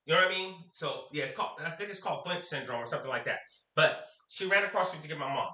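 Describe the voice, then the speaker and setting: A man's voice: a little high, rapid-fire. A man from Sacramento telling a story to camera in a casual, slangy way, acting out the quotes. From Sacramento, California. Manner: animated, slangy, acts out quotes. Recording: echoey room.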